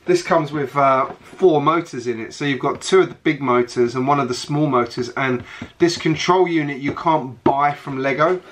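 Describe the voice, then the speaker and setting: A man's voice: medium pitch, normal speed, a little hiss or hum. A man chatting casually on his hobby vlog, rambling along with lots of fillers and restarts. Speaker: Lego hobby vlogger.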